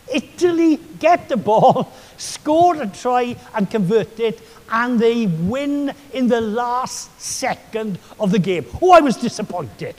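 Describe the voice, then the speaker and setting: A man's voice: sits high, a little mellow. A man preaching a sermon as a pastor, telling enthusiastic, chatty stories full of asides, recorded in a hall with long reverb.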